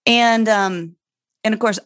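A woman's voice: a little high, steady tone, slow pace, a bit bright, no echo. A middle-aged woman speaking candidly and animatedly as she tells a personal parenting story, her voice climbing sharply when she gets worked up. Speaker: guest, foster mother.

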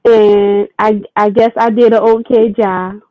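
A woman's voice: mid-range voice, level tone, a little slow, no room sound. A woman guest in a casual chat, sassy and encouraging. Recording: dry muffled lo-fi audio.

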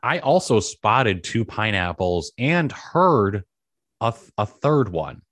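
Podcast co-host, man, very low voice, dry close mic, relaxed chatty delivery. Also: slow pace, no room sound. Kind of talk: casual chat.

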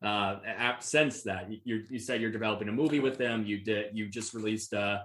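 A man's voice: on the low side, fairly even intonation, brisk, a bit bright. A man hosting an interview, chatty and eager, often restarting his questions. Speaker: podcast host. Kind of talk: casual interview chat. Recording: echoey room.

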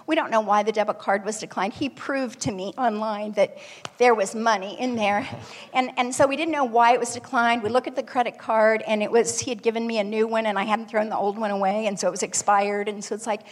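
A woman telling a personal story to an audience in a lively, animated way. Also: on the high side, brisk, big-room sound.

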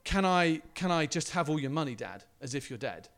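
A preacher voicing a selfish, demanding young son with a brash, entitled manner. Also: male voice, a little high, big pitch swings, fairly quick, fairly bright tone, voice pushed down.

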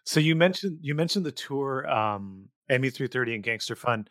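A man's voice: mid-range voice, animated, normal speed, a bit bright, no room sound. A man hosting a music podcast, putting questions to his guests in an easy, conversational way. His voice sits in a middle range, and the sound is dry and close with no room around it. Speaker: podcast host. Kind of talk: interview questions.

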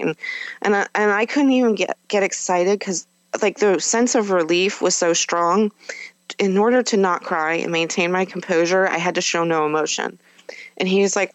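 A woman's voice: on the low side, steady tone, moderate pace, dry recording, poor audio. Candid woman telling her story, dry sound. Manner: conversational, many fillers and self-corrections. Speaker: podcast guest.

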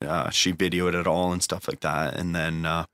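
A man's voice: low voice, little pitch movement, normal speed, a bit bright, no echo, studio quality. A young man telling an emotional recovery story in a casual way, swearing freely and using lots of fillers. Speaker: guest sharing a recovery story.

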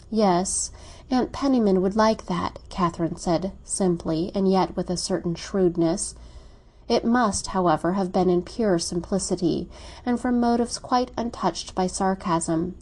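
A woman reading a classic novel aloud in measured, even scripted narration. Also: mid-range voice. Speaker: audiobook reader.

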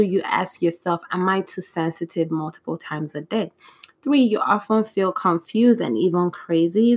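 Rambling, flustered woman podcast host. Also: fairly low pitch. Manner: rambling, scattered, restarts often; frustrated and flustered. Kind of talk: casual solo podcast talk.

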